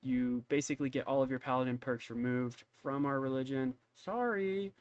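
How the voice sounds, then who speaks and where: A man's voice: mid-range voice, level tone, brisk, darkish tone, no echo, highs cut off. A man narrating as game master, rambling along with many hesitant fillers.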